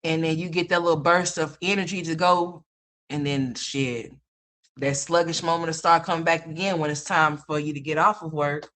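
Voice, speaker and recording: A woman in her fifties hosts a casual livestream, spinning salty, profane stories for her chat. Her voice sits a little low but comes out bright and forceful, and she laughs at her own punchlines. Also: steady tone, moderate pace. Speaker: livestream host.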